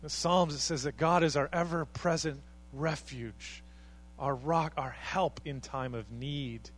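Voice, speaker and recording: Brief: male pastor delivering a sermon, earnest, somewhat higher-pitched voice, swells to emphatic peaks. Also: unhurried, a bit bright, poor audio. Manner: earnest, building to emphatic peaks, acts out quoted speech.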